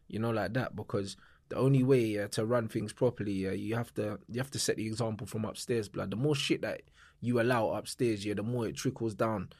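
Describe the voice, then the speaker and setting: A man's voice: on the low side, steady tone, a little fast, darkish tone, no echo. A young man with a London accent chatting casually on a podcast, dropping lots of slang as he talks about his club. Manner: laid-back London slang, says "blood" and "bruv" often. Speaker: podcast guest, club owner.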